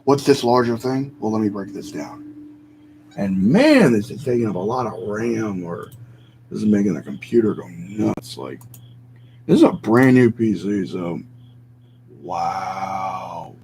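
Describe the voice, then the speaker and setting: A man's voice: lowish voice, animated, moderate pace, a little mellow, a little hiss or hum, poor audio. A man giving a casual commentary vlog from his computer, thinking aloud with fillers and self-corrections. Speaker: YouTuber.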